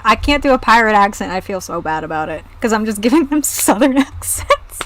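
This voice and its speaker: A woman's voice: medium pitch, sing-song, a little fast, hardly any pauses, fairly bright tone, low-quality recording. A woman streaming a game, chatting casually, blunt and self-mocking, swearing often. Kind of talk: casual live-stream chat.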